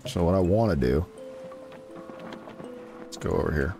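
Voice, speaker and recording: A man's voice: deep voice, a little slow, gravelly, mellow, soft background music. A man giving casual live commentary as he plays a survival game, chatting along and teasing the creatures on screen. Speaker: gaming streamer.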